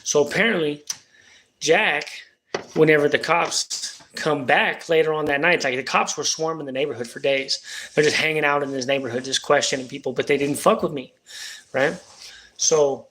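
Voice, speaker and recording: A man with a voice on the higher side for a man and a fairly bright tone tells a long personal story on his livestream. He's casual and rambling, full of slang and swearing, with slight background noise.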